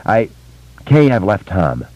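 A man's voice: lowish voice, very animated, slow pace, a little mellow, no echo, voice pushed up. A man voicing a shaken woman on the run from her husband, speaking hesitantly and nervously. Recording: dull lo-fi audiobook recording.

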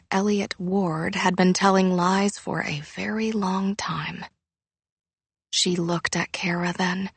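A woman reading a novel aloud in measured, even narration. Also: mid-range voice, breathy edge, no echo. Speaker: audiobook narrator. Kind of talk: scripted narration.

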